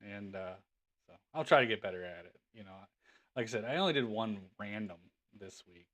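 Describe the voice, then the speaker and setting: A man's voice: lowish voice, expressive, fairly quick, fairly bright tone. A man hosting a livestream, rambling casually with lots of fillers and laughter as he tells stories. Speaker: livestream host.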